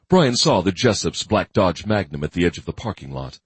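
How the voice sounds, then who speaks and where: A man giving steady, grim scripted narration of a thriller audiobook. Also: sits low, brisk, few pauses, husky, dry recording.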